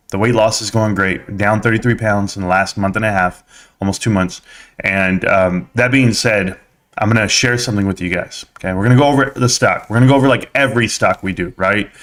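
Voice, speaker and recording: A man's voice: fairly low pitch, a bit bright. A man hosting a casual stock-market live stream, talking energetically and straight to his viewers.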